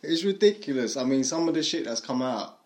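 A man's voice: mid-range voice, expressive, fairly quick, a little mellow, slight background noise. A man co-hosting a casual podcast, talking loosely with slang and fillers. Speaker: podcast co-host. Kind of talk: casual chat.

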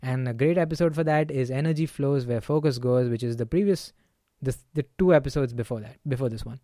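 A man's voice: medium pitch, brisk, warm tone, dry recording, studio quality. A man hosting a solo podcast, talking casually about handling anger and acting out short example lines with a sudden raised voice. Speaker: podcast host.

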